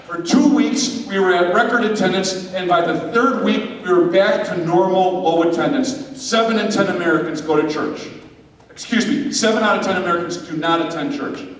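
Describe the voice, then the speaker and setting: High-voiced man preaching in echoey hall. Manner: energetic, joking, directing volunteers. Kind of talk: preaching and leading a skit. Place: large hall with an audience. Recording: echoey hall from far off, noisy.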